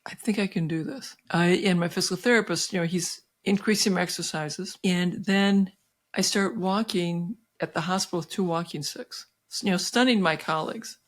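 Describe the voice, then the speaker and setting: Speaking at an ordinary pace in a lowish voice, this sixty-something woman is a doctor appearing as an interview guest. Her personal story is full of fillers and false starts, and she brings it to life by performing the quoted voices.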